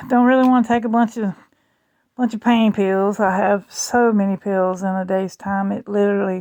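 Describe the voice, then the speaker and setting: A woman vlogging at home in rambling, chatty talk with a gravelly fry. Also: medium pitch, mellow, no echo. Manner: rambling, chatty, slow and drawling. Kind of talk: casual chat.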